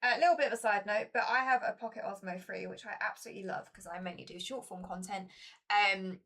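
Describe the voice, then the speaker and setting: Bright-voiced chatty woman. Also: mid-range voice, quick pace. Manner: chatty, self-mocking, talks to her chat. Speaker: streamer playing a board game. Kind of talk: casual chat while playing.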